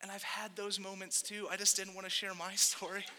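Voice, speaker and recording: A man's voice: sits high, flat delivery, a little fast, noisy background. A young man preaching a sermon in a casual, conversational way, with frequent asides to the congregation. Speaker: pastor. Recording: long hall reverb.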